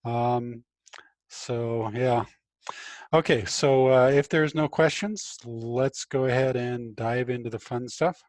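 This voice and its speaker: A man's voice: medium pitch, takes it slowly, no echo. Chatty male teacher lecturing from home. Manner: relaxed, chatty, many fillers and restarts. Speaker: high school physics teacher. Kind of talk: casual online class lecture.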